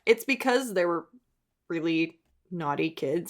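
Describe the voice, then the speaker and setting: A young adult woman who's an artist and video creator chats casually, rambling along with self-mocking asides. Her voice is on the low side, with lively intonation and a slightly slow pace.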